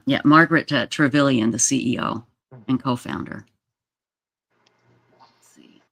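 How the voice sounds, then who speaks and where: A livestream host chatting casually and reading viewer comments aloud, emotional and halting, with many fillers. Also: mid-range voice, creaky, fairly bright tone, dry recording.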